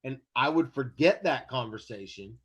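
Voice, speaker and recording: A man co-hosting a sports podcast, telling a story in casual chat, animated and profane, often laughing as he goes. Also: mid-range voice, normal speed, slightly rough. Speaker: podcast co-host.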